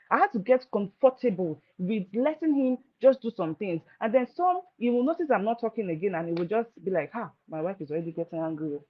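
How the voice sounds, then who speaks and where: A married woman giving informal marriage advice, telling stories with lively delivery and acting out what people said. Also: mid-range voice. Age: adult, married. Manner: lively storytelling, acting out quoted voices. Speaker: marriage speaker. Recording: dull lo-fi sound.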